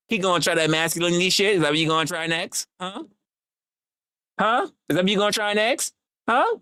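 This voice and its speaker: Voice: medium pitch, a little fast, a bit bright, no echo, clean studio sound. A livestream host scolding a viewer in a profane, repetitive, heated rant.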